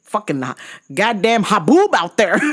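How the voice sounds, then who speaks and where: A woman telling a profane comic travel rant in an animated manner, jumping into high outbursts. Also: background noise. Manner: animated, swearing, jumps into high-pitched outbursts. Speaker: vlogger.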